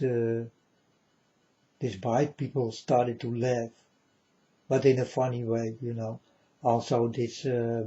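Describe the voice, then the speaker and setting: A man's voice: mid-range voice, dark tone, dull audio. A man talking straight to his viewers in a rambling, earnest monologue, calling them folks and insisting he is serious.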